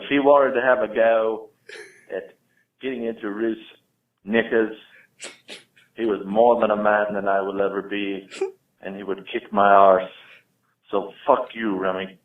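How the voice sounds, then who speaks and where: A man's voice: lowish voice, steady tone, a little slow, lightly acted. A man putting on a patchy British accent as a crude, angry caller who swears and drags out his insults on a voicemail. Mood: insulting. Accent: put-on patchy British accent. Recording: tinny echoey phone voicemail, from far off.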